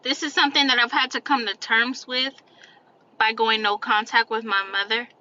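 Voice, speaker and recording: Blunt, profane woman with a higher voice, heard through a dull lo-fi clip. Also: fairly even intonation, moderate pace, pushed and bright, slight background noise. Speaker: creator in a played clip. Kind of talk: blunt social-media monologue. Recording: lo-fi played clip.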